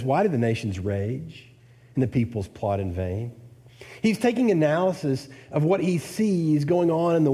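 A man delivering a sermon in a warm, mellow voice of middle pitch. He works through the text verse by verse and presses his listeners with rhetorical questions, his voice lifting on the points he stresses. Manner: expository preaching with rhetorical questions. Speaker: preacher.

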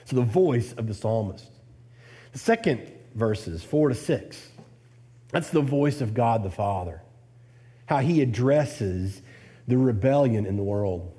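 A man delivering a sermon in a warm, mellow voice of middle pitch. He works through the text verse by verse and presses his listeners with rhetorical questions, his voice lifting on the points he stresses. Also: animated, slow. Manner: expository preaching with rhetorical questions. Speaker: preacher.

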